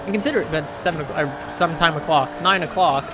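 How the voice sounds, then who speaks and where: A man commenting on his racing game play in a chatty, self-mocking way, with sudden excited outbursts. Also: fairly high pitch, fast talker, background noise. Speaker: gaming channel host.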